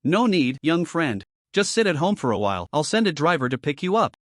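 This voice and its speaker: A man voicing a wealthy, flattering old man in a narrated storybook recap, speaking in a deferential, courteous way. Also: fairly high pitch, a little fast, no room sound, studio quality.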